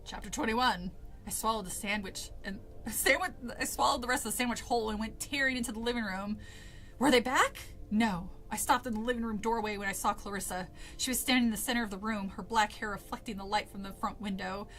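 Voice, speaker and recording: A woman's voice: mid-range voice, brisk, a bit bright, soft background music, poor audio. A woman streamer casually reading a spooky kids' book aloud, laughing, swearing and chatting with her viewers between passages.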